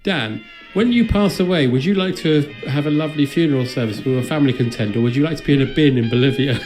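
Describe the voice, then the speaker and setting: A man's voice: on the high side, fast talker, darkish tone, soft background music. A man co-hosting a comedy podcast, recapping a film in a dry, sardonic way. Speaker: podcast co-host.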